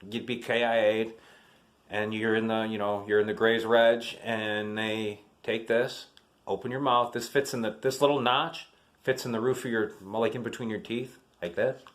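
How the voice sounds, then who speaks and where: A man's voice: lowish voice, fairly even intonation, moderate pace. A man in his fifties, an army veteran, telling family military stories in a casual, rambling vlog full of fillers and restarts.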